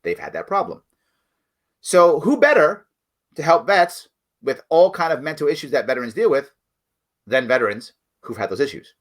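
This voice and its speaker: A man's voice: a little high, sing-song, normal speed, pauses often. A middle-aged man hosting a livestream political commentary show, talking bluntly and emphatically straight to his viewers.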